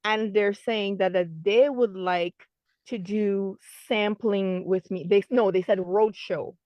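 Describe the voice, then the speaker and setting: A middle-aged woman, a food business owner, telling her story as an interview guest in an excited, animated way, acting out the conversations she recalls. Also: medium pitch, slow, dry recording, highs cut off.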